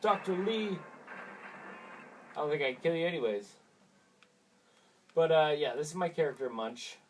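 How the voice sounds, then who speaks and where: A man's voice: on the high side, fairly quick, a little mellow, slight background noise. Rambling young man gaming vlogger. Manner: rambling, easily distracted, self-deprecating. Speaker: gaming video host. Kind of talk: casual rambling vlog.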